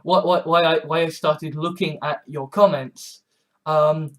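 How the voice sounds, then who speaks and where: A man in his twenties in a rambling vlog monologue, halting and sardonic, with many restarts. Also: fairly high pitch, fairly even intonation. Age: 20s. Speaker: vlogger.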